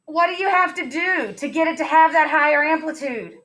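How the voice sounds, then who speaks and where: A woman's voice: sits high, a little fast, a bit bright. A woman teacher giving a science lesson in a classroom, upbeat and playful, putting questions to her students.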